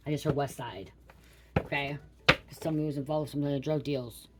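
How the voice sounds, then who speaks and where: A woman's voice: sits low, steady tone, fairly quick, very noisy. A woman giving a psychic reading to her viewers from home, talking in a repetitive, stream-of-consciousness way and calling out names as they come to her. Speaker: psychic card reader.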